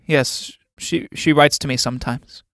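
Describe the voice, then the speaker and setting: A man's voice: mid-range voice, fairly even intonation, a little slow, a bit bright, dry recording, clean studio sound. A man playing a timid young cadet who stammers and hesitates.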